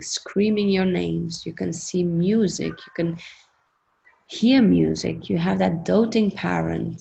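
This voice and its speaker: A woman leading a workshop through a guided self-hypnosis exercise, coaching in a gentle, encouraging, repetitive way. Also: fairly low pitch, gravelly, low-quality recording. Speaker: workshop leader.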